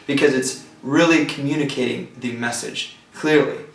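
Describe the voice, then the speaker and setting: A man teaching a songwriting lecture, talking thoughtfully with pauses and restarts, recorded from a distance from the mic. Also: medium pitch, vocal fry, a bit bright. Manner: thoughtful, with pauses and restarts, breaks into sung examples. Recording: roomy sound from a distance from the mic.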